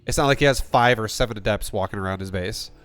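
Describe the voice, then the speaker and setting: A man's voice: on the low side, quick pace, a bit bright, clean tone, soft background music. A man coaching a player through a game replay, blunt and rambling, swearing often and restarting sentences. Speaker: StarCraft coach. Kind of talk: casual replay coaching with profanity.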